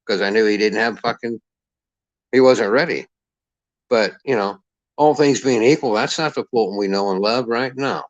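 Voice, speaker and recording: A man's voice: on the low side, dry recording. A man delivering a heated, profane boxing rant as the channel's commentator. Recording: dull lo-fi dry sound.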